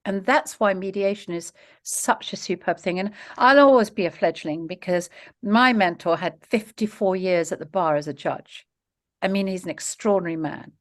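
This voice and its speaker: A middle-aged woman being interviewed, talking in long run-on stretches and laughing often. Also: medium pitch. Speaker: interview guest, author and mediator. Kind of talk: conversational interview.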